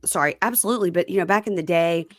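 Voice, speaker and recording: A woman's voice: fairly low pitch, racing, fairly bright tone, dry recording, studio quality. A woman with a Southern American accent hosting a podcast, chatting casually and playfully. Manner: chatty, playful, does mocking impressions. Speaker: podcast host. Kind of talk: casual chat.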